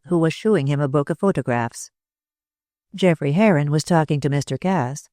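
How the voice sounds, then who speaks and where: Narrator, measured classic-novel reading, dry close sound. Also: medium pitch, a little mellow, dry recording. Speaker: audiobook narrator. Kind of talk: scripted narration.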